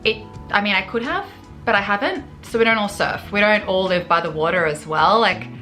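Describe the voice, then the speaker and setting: Bright-voiced exasperated Australian woman vlogger. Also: medium pitch, a little fast, faint music behind. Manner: animated and exasperated, with sarcastic asides. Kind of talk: ranting to camera.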